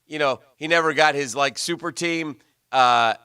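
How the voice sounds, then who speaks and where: A man's voice: on the high side, moderate pace, sharp tone, smooth, dry recording, clean studio sound. A man hosting a sports radio show, chatting casually and rambling with restarts.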